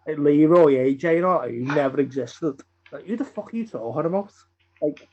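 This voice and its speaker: A man from Birkenhead with a Merseyside accent, swearing and filling his casual stories with "like" as he rushes bursts of words. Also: a little high, lively intonation, a little mellow. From Birkenhead, England. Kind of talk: casual storytelling chat. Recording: dull lo-fi sound.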